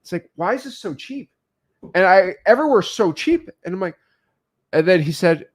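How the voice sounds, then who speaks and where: A man co-hosting a casual business show, telling lively stories and answering viewer questions. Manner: animated storyteller, quick shifts in pitch.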